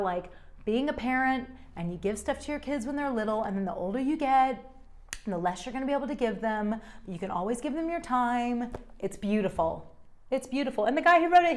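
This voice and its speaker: A woman vlogger in her thirties, chatting to viewers at home in a gushing, effusive way. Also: on the high side. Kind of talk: casual chat to camera.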